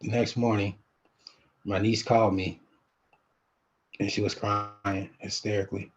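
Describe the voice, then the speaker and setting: Halting, husky-voiced man in a lo-fi vlog. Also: on the low side, level tone. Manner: halting, many restarts and fillers, tearful. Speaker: vlogger. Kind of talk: personal vlog, emotional recollection.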